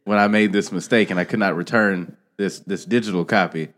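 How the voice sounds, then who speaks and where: A man's voice: low voice, fairly even intonation, fairly quick, a bit bright. A man co-hosting a podcast in casual chat, dry and teasing in a laid-back way. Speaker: podcast co-host.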